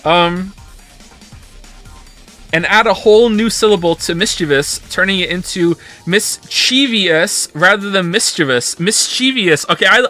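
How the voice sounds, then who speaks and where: Bright-voiced British man reading aloud. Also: sits high. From Britain. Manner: reads aloud and breaks off to comment, tries out pronunciations. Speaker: streamer. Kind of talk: casual livestream chat, reading an article aloud.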